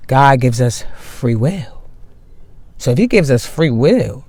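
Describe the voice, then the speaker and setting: A man giving a slow, emphatic spiritual monologue to his viewers, repeating key phrases for weight. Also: medium pitch, lively intonation, a little mellow, no room sound. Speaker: spiritual video host.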